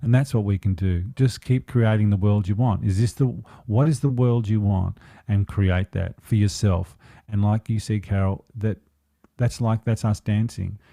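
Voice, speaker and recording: A man's voice: on the low side, normal speed, gravelly, dark tone, dry recording. A man speaking as an empowerment coach in a podcast interview, earnest and reflective, taking his time over his thoughts.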